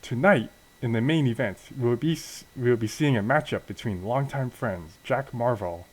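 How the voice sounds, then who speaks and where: A man's voice: mid-range voice, normal speed, slightly rough, voice pushed up, close to an everyday voice, rough recording. A man voicing a male wrestling show announcer who runs through the evening's card. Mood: announcing. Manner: formal, announcing.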